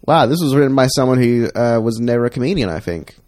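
A man's voice: medium pitch, animated, fast, darkish tone. Guy on a podcast rambling about a movie, swears a lot, voice bounces up and down a lot. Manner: profane, rambling, acts out voices. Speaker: podcast co-host. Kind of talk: casual chat, recounting a trailer.

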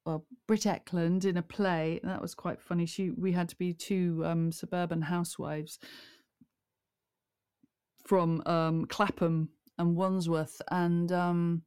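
A woman's voice: fairly low pitch, flat delivery, a little slow, darkish tone, clear, resonant tone, no room sound, studio quality. A middle-aged woman chatting as a guest, rambling with lots of fillers. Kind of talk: casual chat.

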